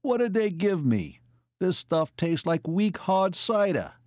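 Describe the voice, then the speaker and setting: Man doing a brash naive young orderly, crowing and eager, raised pitch, lively lilt, dry audiobook sound. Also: brisk, no echo. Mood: indignant.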